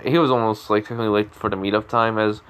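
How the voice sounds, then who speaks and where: A man's voice: fairly low pitch, steady tone, fast talker, fairly bright tone, clear, resonant tone, poor audio. Rambling man improvising a fan story. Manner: rambling, with frequent restarts and self-corrections.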